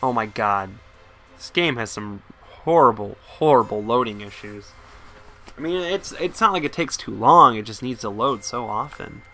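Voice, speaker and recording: Casting: young male gamer, bright gravelly voice, quick to swear and marvel, music behind. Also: medium pitch. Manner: excitable, swearing, incredulous. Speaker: gameplay commentator. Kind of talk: casual let's-play commentary.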